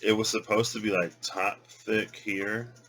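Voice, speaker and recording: A man's voice: fairly low pitch, flat delivery, measured pace, a bit bright, poor audio. A man thinking aloud as he pulls and reads cards, muttering and repeating words as he tries pronunciations. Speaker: tarot and rune reader. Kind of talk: casual reading vlog, thinking aloud.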